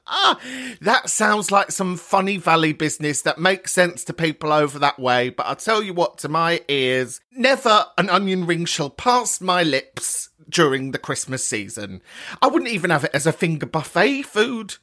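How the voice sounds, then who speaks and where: A woman hosting a podcast, ranting with sweary, theatrical mock grandeur. Her pitch leaps up and down all the time. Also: very animated, unhurried, bright, forceful tone. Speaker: podcast host. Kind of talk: casual comedic rant.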